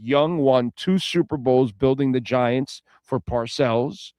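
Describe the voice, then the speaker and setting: A man co-hosting a sports radio show, making opinionated points with slow, stressed emphasis. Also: mid-range voice, darkish tone, clean tone, no room sound, clean studio sound. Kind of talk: casual sports talk.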